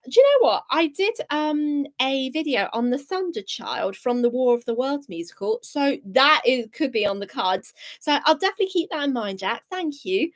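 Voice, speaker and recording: High-voiced bubbly woman host. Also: moderate pace, hardly any pauses. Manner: bubbly, reads chat comments aloud, excitable gasps. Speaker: live stream host. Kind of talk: casual live stream chat.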